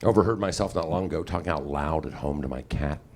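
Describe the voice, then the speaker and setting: Gravelly middle-aged male stand-up comic. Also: a bass voice, quick pace, a little mellow. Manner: wry, rambling, opinionated. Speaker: stand-up comedian. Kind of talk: stand-up comedy set. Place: comedy club stage. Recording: noisy live club recording.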